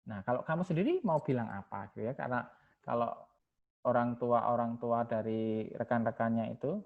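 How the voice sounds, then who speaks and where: Indonesian lecturer, dull lo-fi recording. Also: male voice, medium pitch, quick pace, creaky. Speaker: university linguistics lecturer. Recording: dull lo-fi sound.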